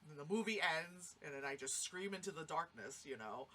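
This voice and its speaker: A woman's voice: deep voice, fairly quick, hardly any pauses, background noise. A woman giving a casual, rambling spoken movie review, swearing freely and acting out lines. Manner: rambling, animated, swears freely, acts out quotes.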